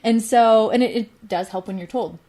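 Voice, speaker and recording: A woman's voice: fairly high pitch, normal speed, mellow. A woman in her thirties, a mother co-hosting a talk show, talking reflectively in casual chat with many "you know" fillers. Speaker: co-host.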